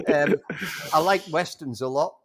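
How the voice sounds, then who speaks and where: An older man reminiscing in a casual conversation, halting with frequent restarts and warmly enthusiastic. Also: fairly high pitch, husky. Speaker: interview guest.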